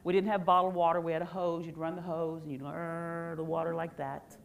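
Animated woman leading a workshop. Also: lowish voice, a little fast. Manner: animated, quizzes the audience and leads call-and-response. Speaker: educator and workshop speaker. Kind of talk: lively workshop talk to a live audience.

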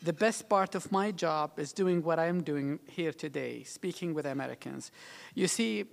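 A middle-aged man from the United Arab Emirates gives a public speech as a diplomat, his slightly high voice carrying a gravelly fry. He pauses and restarts often, filling gaps with many fillers. The sound rings with long hall reverb.

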